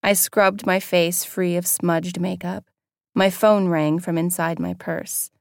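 A woman with a lowish, gravelly voice reads a first-person audiobook. Her delivery is candid and wry, and the recording is close and dry with no room sound. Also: steady tone, takes it slowly, no room sound. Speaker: audiobook narrator.

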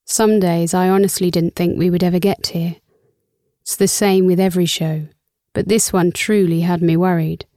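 A young woman with a lowish, mellow voice reads a first-person story with wry, sarcastic bite and casual swearing. The recording is dry and close on a studio mic, with no room sound. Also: steady tone, moderate pace, no room sound. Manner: wry, sarcastic and freely profane. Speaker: audiobook narrator.

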